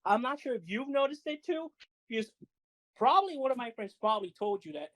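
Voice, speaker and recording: A woman co-hosting a podcast, telling fighting-game stories in animated, laughing casual chat with some swearing. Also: on the high side, a little fast, poor audio. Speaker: podcast co-host.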